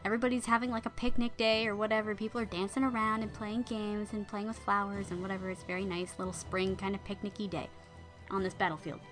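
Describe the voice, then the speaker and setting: A woman's voice: medium pitch, level tone, fast, fairly bright tone, soft background music. Chatty woman retelling a legend. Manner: chatty, with wry asides. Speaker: storyteller. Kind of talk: casual story retelling.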